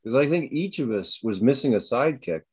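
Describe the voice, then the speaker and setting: A man talking loosely and profanely, spinning long anecdotes in an everyday, mid-pitched voice. His talk wanders and doubles back, and he breaks into high mocking impressions of other people. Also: a little fast, husky. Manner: profane, rambling, animated storytelling with jumps into high mocking voices. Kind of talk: casual storytelling chat.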